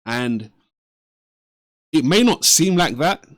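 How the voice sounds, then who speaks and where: A man's voice: a little high, sing-song, slow, dry recording. A man hosting a reaction video, giving earnest, preacher-like commentary and asking and answering his own questions. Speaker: reaction channel host.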